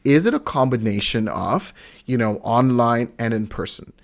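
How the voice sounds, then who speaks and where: A man's voice: medium pitch, animated, moderate pace, vocal fry. A man co-hosting a life coaching podcast, talking supportively in casual chat. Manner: supportive, lots of short agreeing replies.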